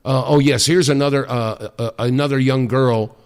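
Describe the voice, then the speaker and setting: A middle-aged man hosting talk radio, speaking emphatically and deliberately with frequent fillers. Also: mid-range voice, fairly even intonation, clear, resonant tone.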